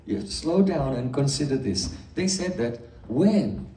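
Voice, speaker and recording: A man with a medium-pitched, dark-toned voice speaks animatedly at a normal pace, lecturing on philosophy as a spiritual teacher. He works through his points step by step and poses rhetorical questions. The room is echoey and the microphone sits far away.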